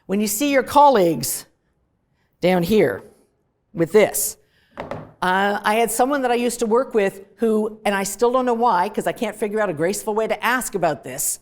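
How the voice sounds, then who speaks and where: A woman's voice: mid-range voice, moderate pace. Emphatic Canadian woman lecturing. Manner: lively and emphatic, plays with stressed words. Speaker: professor. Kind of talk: lecture to a class. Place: classroom.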